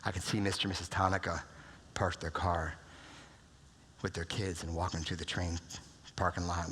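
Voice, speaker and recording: Husky, forceful man speaking in an echoing hall. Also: on the low side. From United States. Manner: storytelling that drops to a hushed near-whisper at emotional moments. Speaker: keynote speaker. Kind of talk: motivational conference speech. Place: large conference room. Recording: reverberant conference hall.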